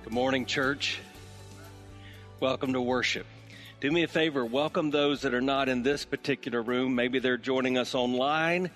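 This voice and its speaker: A senior pastor preaching a sermon to his congregation, telling a joke story in an animated way. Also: medium pitch, normal speed, long reverb tail, faint music behind. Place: church sanctuary.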